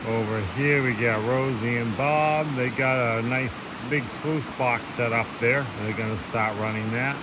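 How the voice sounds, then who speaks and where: A man with a mid-pitched voice gives relaxed, casual commentary outdoors, pointing out fellow prospectors. Loud rushing water nearly drowns him out. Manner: relaxed, points out people on site. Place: outdoors by a river. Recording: very noisy outdoor river recording.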